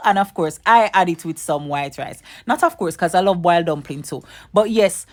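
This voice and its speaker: A woman's voice: medium pitch, moderate pace, hardly any pauses. A woman hosting a cooking video, chatting with viewers and giving step-by-step tips. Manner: chatty, addresses viewers directly, repeats advice. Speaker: cooking channel host. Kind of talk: casual cooking tutorial.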